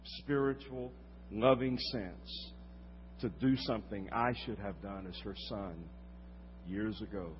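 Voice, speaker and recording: An older man preaching a sermon, telling a personal story with dramatic swings from loud to hushed. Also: lowish voice, takes it slowly, a little hiss or hum. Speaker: pastor. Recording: reverberant hall, slightly dull sound.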